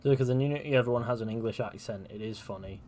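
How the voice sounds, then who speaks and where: A man's voice: mid-range voice, quick pace, darkish tone. A young man streaming a game, chatting casually and offhandedly, swearing now and then. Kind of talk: casual commentary over gameplay.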